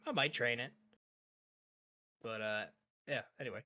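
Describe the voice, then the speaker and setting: Young male host, bright tense tone, loose rambling chat with frequent laughs. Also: mid-range voice, a little slow. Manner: laughing often, rambling, casual. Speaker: host ranking characters. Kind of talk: casual chat.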